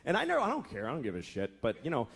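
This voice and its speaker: A man in his thirties doing a profane stand-up routine, exasperated, slipping into quick character voices. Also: medium pitch, wildly swooping pitch, gravelly, a bit bright, husky. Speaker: stand-up comedian. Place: comedy club stage with laughing audience. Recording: live club recording with audience noise. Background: audience laughter.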